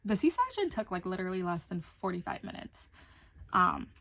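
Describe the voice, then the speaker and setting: A woman's voice: fairly low pitch, very animated, moderate pace, creaky, fairly bright tone. A young adult woman telling a personal story in a casual vlog, chatty and candid, swearing now and then. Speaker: vlogger.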